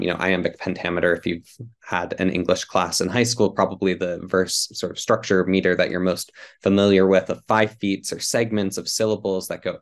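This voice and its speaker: A man's voice: low voice, vocal fry. A man giving an academic literature lecture, explaining patiently to an audience with frequent ums and small self-corrections.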